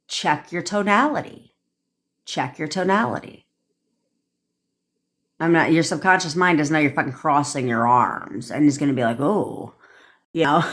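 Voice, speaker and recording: A young woman coaching on a phone livestream, talking in a blunt, profane, cocky way and laughing at herself. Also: fairly low pitch. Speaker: manifestation coach. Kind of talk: casual livestream rant.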